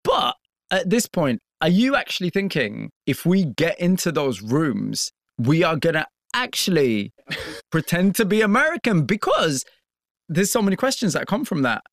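A man's voice: on the high side, big pitch swings, moderate pace, no room sound, clean studio sound. A man interviewing a guest, following up with probing questions in a conversational way.

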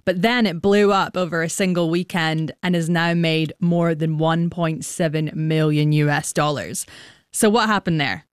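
A woman's voice: low-pitched, moderate pace, smooth, no echo. A woman hosting a news podcast in a chatty, upbeat presenting manner, on a studio mic. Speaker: podcast host.

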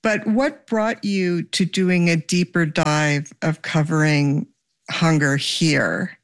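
Slow, deliberate interviewer in a dry room. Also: medium pitch, steady tone, dry recording. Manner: deliberate, probing questions. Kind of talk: interview questions.

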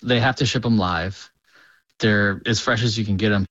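A man's voice: fairly low pitch, steady tone, moderate pace, fairly bright tone, dry recording. A man, a chef, speaking casually and with enthusiasm in interview clips. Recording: dull, dry lo-fi sound.

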